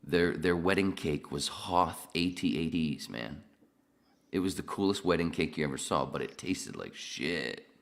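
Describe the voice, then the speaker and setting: A man's voice: sits low, lively intonation, unhurried, creaky. A man who is a guest on a podcast, telling stories in casual chat in a laid-back, rambling way.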